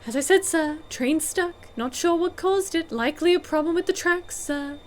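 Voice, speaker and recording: A woman's voice: extremely high pitch, moderate pace, pitched above the performer's own voice. A woman voicing a polite male train guard who keeps saying sir, in a game play-through. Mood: dutiful. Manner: formal, calls everyone sir.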